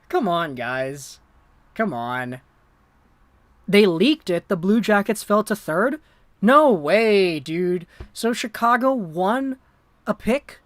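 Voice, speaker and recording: A woman hosting a livestream, giving excitable live reaction commentary and talking to viewers in the chat, swinging from low muttering to shouted disbelief. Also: no room sound. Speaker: livestream host.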